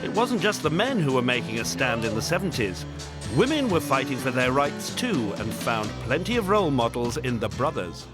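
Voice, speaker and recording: Guy doing wry documentary voiceover with music under it, lively up and down delivery. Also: medium pitch, moderate pace. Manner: wry, playful. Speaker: documentary narrator. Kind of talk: scripted narration.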